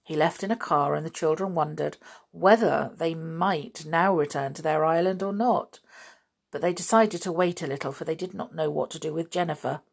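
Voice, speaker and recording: Woman narrator, children's novel, steady storytelling, gravelly voice. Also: deep voice, normal speed. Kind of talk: reading a children's novel aloud.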